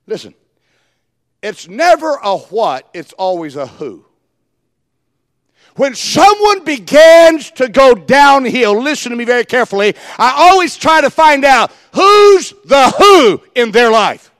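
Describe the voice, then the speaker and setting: A man preaching a fiery sermon, shouting for emphasis and acting out quoted dialogue. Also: extremely high pitch, big pitch swings, unhurried, dry recording, studio quality, in a large hall. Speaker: pastor.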